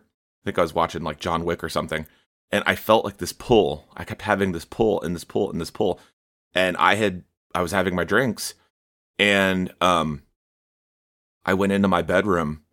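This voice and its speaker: A man with a very deep voice talks through a personal testimony on a podcast. He speaks haltingly and reflectively, with frequent fillers. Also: fairly bright tone. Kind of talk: casual testimony chat.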